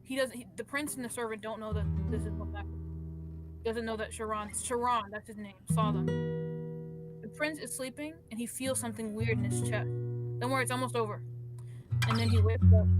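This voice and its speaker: A woman's voice: on the high side, a little fast, long pauses. A woman making up a story on the spot in casual chat, rambling with restarts and asides. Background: guitar music.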